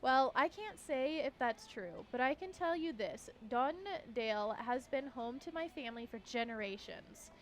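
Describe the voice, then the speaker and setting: A woman's voice: fairly high pitch, lively intonation, normal speed, hardly any pauses, slight background noise, close to an everyday voice. A woman reading out a councilwoman's rally speech. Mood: earnest. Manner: reads speech aloud, stumbling on words. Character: earnest middle-aged woman councilwoman candidate. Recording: faint game music behind.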